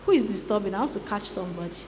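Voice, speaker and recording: A woman giving a lively motivational sermon to students, playfully teasing the audience. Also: medium pitch, very fast, a little hiss or hum. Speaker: guest speaker at a student boot camp. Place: large hall. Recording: echoey large hall.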